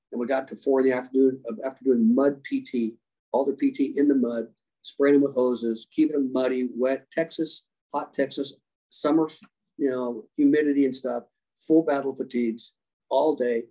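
In a podcast conversation, a husky, mellow-voiced man in the mid range tells stories at a moderate pace as an interview guest. A leadership coach and ex-special operations rescuer, he's animated and acts out quoted lines, and the recording is rough.

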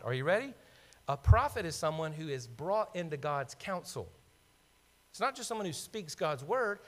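A man preaching a sermon, animated and conversational, with asides to the congregation. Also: sits high. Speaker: pastor. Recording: long hall reverb.

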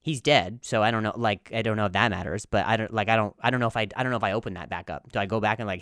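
In his twenties, this man hosts a solo comedy podcast, rambling, stammering and poking fun at himself. He talks fast with few pauses in a lowish voice whose tone is fairly bright, clear and resonant. The recording is clean studio sound with no room noise.

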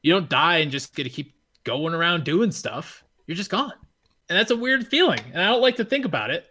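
Casual dude, bright forceful voice a bit high, rambly and animated, cusses a lot. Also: male voice, brisk. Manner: animated, swears freely, lots of fillers. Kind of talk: casual chat, storytelling.

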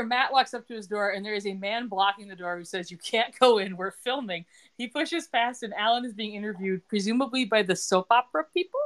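A woman's voice: fairly high pitch, a bit bright. Chatty woman recapping a show. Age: middle-aged. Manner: chatty, retells scenes with quoted lines and laughs. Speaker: podcast host recapping a TV episode. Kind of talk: casual chat.

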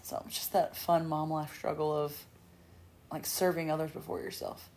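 A woman's voice: low-pitched, flat delivery, normal speed, darkish tone, a little hiss or hum. A young woman co-hosting a casual chat about motherhood, joking and acting out quotes in funny voices. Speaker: podcast co-host.

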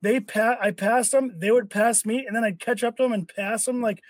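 A man's voice: high voice, fairly even intonation, normal speed, no echo. A young man hosting a casual podcast chat, ranting with lots of swearing. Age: young adult. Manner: profane, ranting. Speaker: podcast host.

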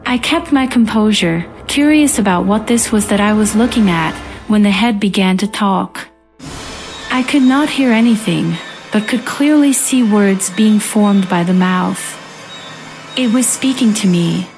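A woman reading a first-person ghost story as scripted narration in a calm, even manner. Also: mid-range voice, a little slow, soft background music.

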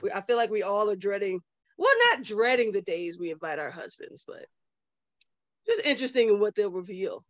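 A woman hosting a podcast chat, animated and quick to laugh. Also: medium pitch, no room sound. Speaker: podcast host. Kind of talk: casual chat.

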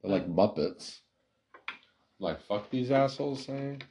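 A man's voice: mid-range voice, lively intonation, slow, warm tone, a little hiss or hum. A young man in casual, profane podcast banter who laughs often.

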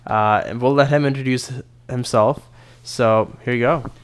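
A man hosting a casual podcast, steering the chat with questions in a relaxed way. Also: medium pitch, normal speed, smooth. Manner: relaxed, leads the talk with questions. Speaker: podcast host.

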